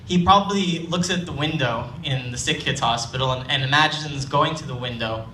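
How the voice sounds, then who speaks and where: A man's voice: mid-range voice, pushed and bright, slight background noise. Young man telling a story on stage. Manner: conversational and self-deprecating, halting restarts. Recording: roomy live hall, distant mic, faint ambience.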